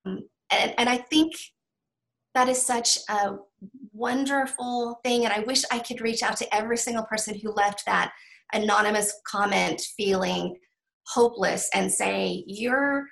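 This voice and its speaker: A middle-aged woman author in a candid interview, talking haltingly with many restarts and ums. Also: mid-range voice, fairly even intonation, vocal fry, a bit bright, low-quality recording. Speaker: author guest.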